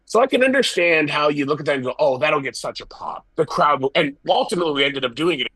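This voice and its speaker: Animated middle-aged man telling stories. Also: a little high, fast talker, breathy edge, dry recording, rough recording. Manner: animated, self-deprecating, acts out quotes. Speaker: wrestling promoter guest. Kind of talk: candid storytelling interview.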